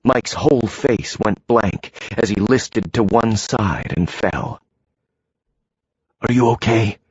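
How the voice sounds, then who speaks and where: A man narrates an audiobook in a measured, deliberate voice, slow and a little low. His tone is husky. The recording is dry and slightly dull. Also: no room sound. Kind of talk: scripted narration.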